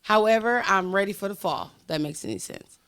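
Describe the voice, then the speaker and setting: A woman's voice: medium pitch, very animated, fairly quick, a bit bright, clear, resonant tone. Playful woman co-hosting a sports podcast. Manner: playful, laughing banter. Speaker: podcast co-host, football analyst. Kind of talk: casual sports chat.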